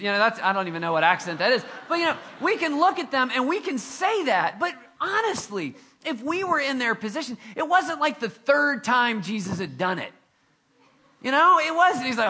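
A male pastor preaching a conversational, animated sermon with self-deprecating asides. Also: extremely high pitch, moderate pace, slightly rough.

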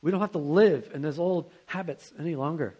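A man's voice: on the high side, fairly quick, dark tone, slightly rough, highs cut off. A young man preaching a sermon to students, in a conversational and earnest way, with rhetorical questions.

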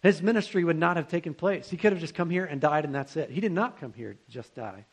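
A man's voice: a little high, fast. A young man preaching a sermon to students, in a conversational and earnest way, with rhetorical questions.

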